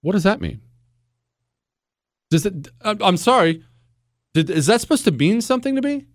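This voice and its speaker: A male radio host delivers a blunt, sarcastic monologue with his pitch swinging widely and a fairly high voice for a man. The sound is close and dry, straight into a studio microphone with no room around it. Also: big pitch swings, moderate pace, long pauses, dry recording.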